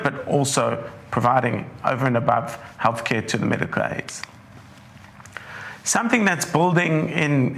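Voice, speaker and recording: A man, a portfolio manager with a croaky, hoarse throat, giving a measured webinar presentation that walks through charts. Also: medium pitch, fairly bright tone. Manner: measured, leans on "importantly", walks through slides.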